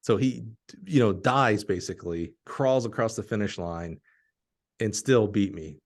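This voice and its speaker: A middle-aged man from Alabama, hosting a podcast and telling a story in an animated, laughing way. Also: lowish voice, a little slow. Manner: animated, laughing storyteller who acts out quotes. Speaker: podcast host.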